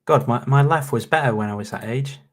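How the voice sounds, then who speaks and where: A man's voice: medium pitch, a little fast. A man in his late twenties with a Northern English accent, rambling and swearing through casual reaction commentary. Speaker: YouTuber.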